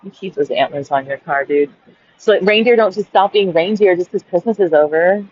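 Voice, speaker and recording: Speaking a little fast in a lowish, somewhat mellow tone, the woman records a casual rant like a journal entry from her car near busy traffic. She's a vlogger, fed up and cursing, frequently asking "right?", with a dull lo-fi recording quality.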